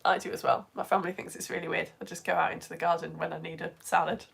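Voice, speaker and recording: A woman hosting a live stream lesson, chatty and excitable, reading out viewer comments and laughing often. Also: on the low side, quick pace, creaky, slightly rough. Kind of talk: casual live-stream chat.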